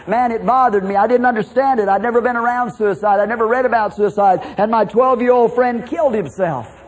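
A middle-aged man from Minnesota preaches a testimony sermon in a notably high voice. His delivery is folksy and dramatic, swinging between loud passages and hushed ones. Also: a little fast, poor audio.

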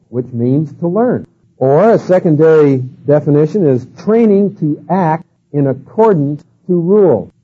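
A man with a breathy-edged, higher-pitched voice gives a sermon-style lecture, spinning folksy stories packed with "you know" and "uh" fillers. The old tape recording sounds tinny, almost like a phone.

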